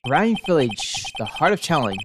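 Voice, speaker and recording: A woman streamer reading a video game's text aloud in a plain, low-key way, adding small asides as she plays. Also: very animated, moderate pace, noisy background. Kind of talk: reading game dialogue aloud while playing. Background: game music.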